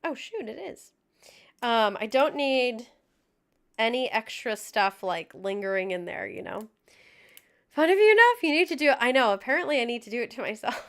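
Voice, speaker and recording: A woman's voice: a little high, big pitch swings, moderate pace, fairly bright tone. A young woman chatting casually with her livestream viewers, out of breath, laughing often and joking at her own expense. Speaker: music streamer.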